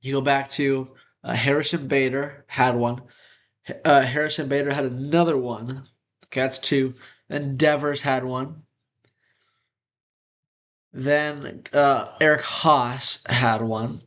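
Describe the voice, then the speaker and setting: Young male sports host, upbeat and energetic, nasal from congestion, mid-range pitch. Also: slow pace, pauses often. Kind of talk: casual sports talk.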